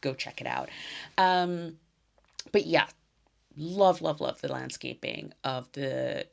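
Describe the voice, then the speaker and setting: Young low-pitched woman hosting her own chatty tennis podcast; gushing, with soft trailing asides. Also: slow, creaky. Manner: chatty and effusive, trails off into soft near-whispers. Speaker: podcast host. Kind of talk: casual solo tennis podcast.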